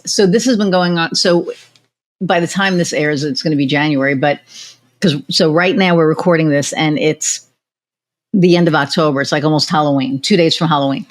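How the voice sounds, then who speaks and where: A middle-aged woman hosting a podcast, telling stories in a lively, chatty way and acting out what others said. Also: deep voice. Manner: animated storytelling, acts out quoted voices. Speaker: podcast host. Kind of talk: casual chat.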